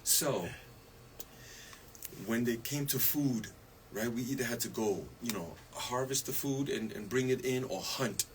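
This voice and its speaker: A man's voice: mid-range voice, measured pace, a little hiss or hum, rough recording. Laughing man talking wellness on radio. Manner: laughs often, asks "you see?". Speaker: wellness guest. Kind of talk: casual radio chat.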